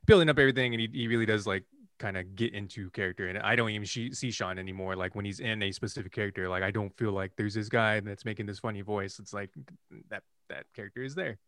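Bright-voiced joking podcast guy. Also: lowish voice, quick pace, dry recording, studio quality. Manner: joking, rambling with fillers. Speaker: podcast co-host. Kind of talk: casual chat.

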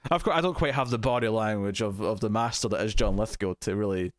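A man's voice: fairly low pitch, fast, no room sound. Rambling male podcaster, dry sound. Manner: rambling, animated, acts out quotes. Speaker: podcast co-host. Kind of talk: casual chat, recapping a TV episode.

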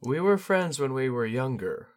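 Polite young court lady with formal speech, a man doing her, pitched higher than his own voice, storybook reading. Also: animated, normal speed, close to an everyday voice. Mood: courtly. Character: gracious young noblewoman courtier, polite and careful.

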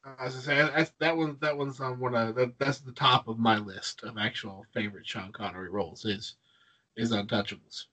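A man's voice: medium pitch, steady tone, a little fast, pushed and bright, low-quality recording. A man co-hosting a casual film podcast, retelling favorite scenes enthusiastically, with frequent restarts. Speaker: podcast co-host. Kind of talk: casual film-discussion chat.

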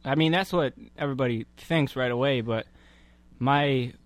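A man speaks deadpan and halting, padding his lines with uh and you know. His voice sits at a middle pitch and sounds close and dry, with no room around it. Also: dry recording. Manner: halting, hesitant delivery with many fillers. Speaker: comedy podcast guest. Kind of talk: deadpan improvised comedy.

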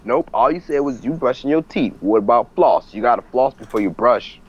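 A man's voice: medium pitch, animated, brisk, breathy edge, muffled recording. A man who does stand-up, bantering playfully and arguing his point in a casual podcast chat. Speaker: stand-up comic and podcast guest.

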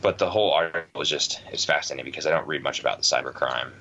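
A man with an extremely low, forceful voice, chatting casually as a podcast co-host. He rambles thoughtfully and restarts his sentences often. The audio is slightly dull, with a faint hiss behind him. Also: very fast. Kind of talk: casual chat.

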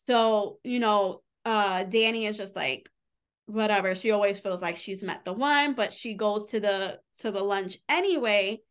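A woman's voice: mid-range voice, a little slow, clear, resonant tone. A woman co-hosting a podcast, casually retelling a novel's plot in a chatty way, full of fillers and quoted dialogue. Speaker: podcast co-host. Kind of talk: casual book recap.

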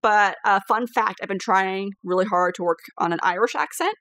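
A woman hosting a podcast as game master, chatting casually, animated, swearing freely and laughing often. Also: mid-range voice, moderate pace.

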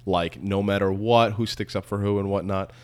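A man with a fairly low voice talks through a casual podcast discussion. He rambles, restarts his sentences and presses his co-host with questions. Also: fairly even intonation, moderate pace. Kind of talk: casual chat.

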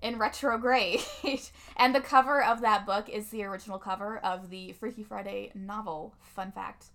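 A young woman casually recapping a movie with a friend, chatty and quick to laugh as she acts out lines. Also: mid-range voice, fairly even intonation, a bit bright. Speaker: podcast co-host.

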